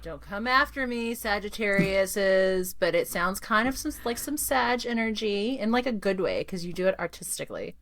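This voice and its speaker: A woman's voice: medium pitch, moderate pace, hardly any pauses. A woman in Texas co-hosting a podcast, telling everyday stories and acting out the small dialogues in them. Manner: animated storyteller, acts out little dialogues. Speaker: podcast co-host. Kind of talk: casual chat.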